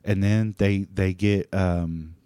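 A man's voice: low voice, steady tone, slow, warm tone, clean tone, no room sound. A man hosting a solo talk show, rambling in a loose, profane monologue full of restarts and fillers. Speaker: podcast host.

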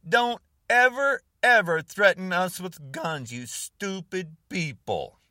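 An older American man rants furiously to camera, repeating short jabbing phrases. His pitch leaps all over the place and his voice is bright and forceful. The sound is dry and close. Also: lively intonation, slow pace, dry recording, recorded from a distance. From United States. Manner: furious, repetitive, name-calling, jabbing phrases. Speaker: online video host. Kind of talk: angry political rant to camera.

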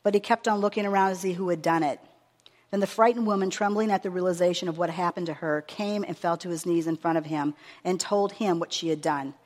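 A woman preacher giving a sermon with a long scripture reading, earnest and measured, stressing her words as she reads aloud. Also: lowish voice, a little mellow. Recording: long reverb of a hall.

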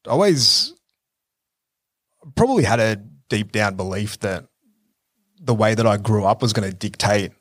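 A man, co-hosting a podcast, telling reflective stories in a relaxed way with lots of fillers. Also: fairly low pitch, moderate pace, long pauses, dry recording, studio quality. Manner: reflective storytelling with many fillers. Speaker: podcast co-host. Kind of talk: casual conversational chat.

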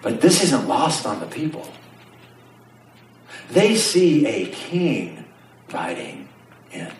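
A man preaching a sermon, telling the story with animated energy and asking his congregation questions. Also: mid-range voice, slow, a little hiss or hum. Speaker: pastor. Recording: roomy sound from some distance, faint ambience.

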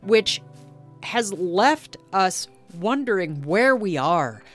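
A woman podcast host in gentle, contemplative narration and reflective conversation. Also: mid-range voice, big pitch swings, takes it slowly, soft background music.

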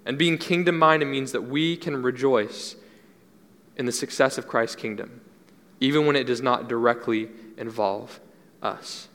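A man's voice: mid-range voice, a little slow, a bit bright. A young adult man preaching a sermon as pastor, earnest and conversational, repeating key phrases for emphasis. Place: church hall. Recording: long hall reverb.

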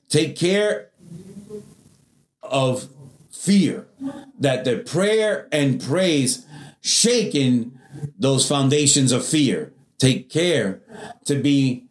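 A man's voice: medium pitch, reverberant. A male pastor delivering a sermon in an earnest, exhorting way, repeating key phrases and ending in prayer.

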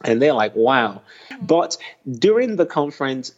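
A man, an interview guest, earnestly telling the story of his faith and ministry in a casual, animated way. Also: mid-range voice, a little slow. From England. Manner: earnest storytelling, animated recounting of spiritual experiences. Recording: slightly dull lo-fi audio.

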